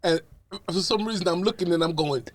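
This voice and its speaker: A man co-hosting a casual podcast chat, telling stories in an expressive, emphatic way. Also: sits high, fairly quick, a little hiss or hum. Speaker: podcast co-host.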